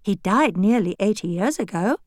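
A woman doing an earnest, lively girl doll. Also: medium pitch, moderate pace, dry recording, studio quality, natural voice. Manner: exclamatory, earnest.

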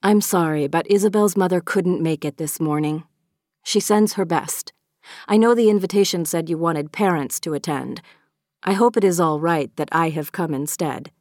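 A woman's voice: lowish voice, moderate pace, darkish tone, no echo, clean studio sound, natural voice. A woman voicing a polite, apologetic middle-aged aunt in an audiobook. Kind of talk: audiobook character reading.

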